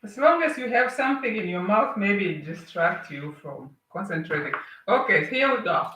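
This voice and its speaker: A woman's voice: mid-range voice, lively intonation, normal speed. A woman hosting a casual live cooking stream, chatting with viewers and greeting them as they join. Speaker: cooking livestream host. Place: home kitchen. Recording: roomy, distant, with clear background noise.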